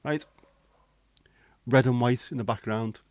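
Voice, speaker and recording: A man's voice: mid-range voice, a little slow, darkish tone, no room sound. A man, hosting a casual livestream chat, bantering with viewers and swearing casually. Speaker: livestream host.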